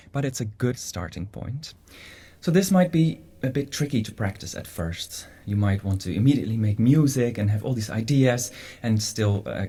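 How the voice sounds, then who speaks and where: Mellow husky male music teacher. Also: medium pitch. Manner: calm, explanatory, steady. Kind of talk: instructional video lesson.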